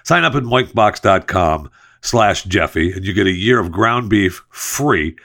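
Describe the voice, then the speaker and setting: A man's voice: low voice, animated, a little slow, creaky, fairly bright tone. A man hosting a talk show, reading an ad in a loose, jokey way and then talking sports news. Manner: loose, jokey, playful asides. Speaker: podcast host. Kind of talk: casual sports talk with host-read ad.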